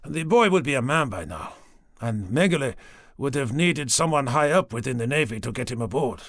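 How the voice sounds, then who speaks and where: Man doing a cynical middle-aged inspector, gruff and dry, lively pitch, close dry mic. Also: moderate pace, no echo. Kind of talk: audiobook character voice.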